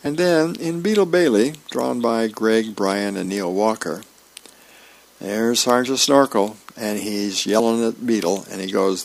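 A man reading comic strips aloud in an unhurried, plain storytelling way, dropping into light character voices. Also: fairly low pitch, gravelly, dry recording.

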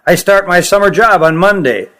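A man voicing a brash, skeptical teenage boy who talks loudly and mockingly in a storybook reading. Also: sits high, expressive, normal speed. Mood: scoffing. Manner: loud, mocking.

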